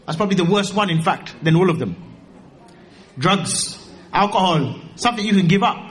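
Give me a high-pitched man preaching an animated, joking sermon. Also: moderate pace.

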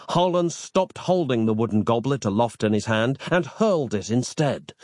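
A man narrating a fantasy audiobook in an expressive, theatrical storytelling manner. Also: mid-range voice, no room sound, studio quality.

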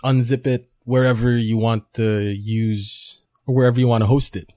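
A man co-hosting a podcast, patiently explaining web software in a casual, halting way, with the odd swear word. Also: mid-range voice, fairly even intonation. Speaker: podcast co-host. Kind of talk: casual tech chat, explaining.

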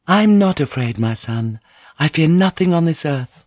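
A male reader voices a resolute, devout noblewoman who speaks with formal courtesy and won't bend, pushing his voice above its natural level. His delivery is on the high side, animated and unhurried, with a formal, polite, firm manner. The recording is dry, echo-free, and slightly dull.

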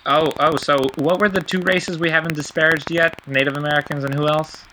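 A man hosting a casual podcast chat over an online call, teasing his co-hosts with quick questions. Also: on the high side, fairly even intonation, background noise. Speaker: podcast host.

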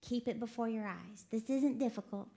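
A woman from Texas preaching a lively sermon, laughing often and quoting voices as she talks. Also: on the high side, normal speed, gravelly. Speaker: preacher co-hosting a broadcast. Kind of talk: sermon to a women's audience.

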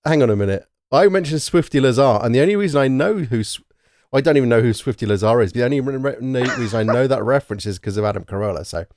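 This British man, a podcast co-host, has an expressive, medium-pitched, slightly mellow voice and talks fast. Chatting casually about a film in a clean studio with no room sound, he speaks in bursts, often restarting and occasionally swearing.

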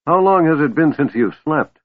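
A man voicing a gruff, suspicious old male dwarf who talks sternly and like a grandfather. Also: lowish voice, sing-song, normal speed, no room sound. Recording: tinny phone-like line, dry.

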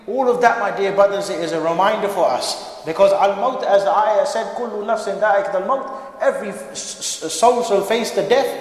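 A man giving a lively sermon in a mosque, joking with the congregation. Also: sits high. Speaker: preacher. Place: mosque hall. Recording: echoey hall reverb.

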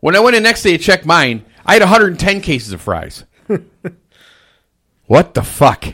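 A man venting about his fast-food restaurant job in casual chat, swearing constantly and ranting with animation. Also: sits high, sing-song, pushed and bright.

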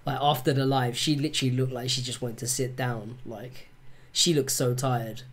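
A man's voice: medium pitch, normal speed. Chatty man telling stories. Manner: animated storyteller, acts out quotes. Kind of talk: casual podcast chat.

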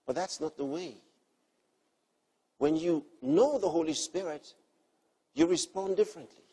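Husky-voiced male preacher. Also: a little high, measured pace. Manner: earnest teaching, repeats key phrases, swings between soft and emphatic. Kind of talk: sermon.

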